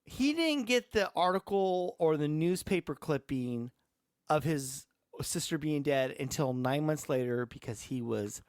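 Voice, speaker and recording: Chuckling man with an expressive voice. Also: a little high, measured pace, clean tone, no echo, studio quality. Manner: chuckling, repeats his points for emphasis. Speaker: podcast co-host. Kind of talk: casual chat about a horror film.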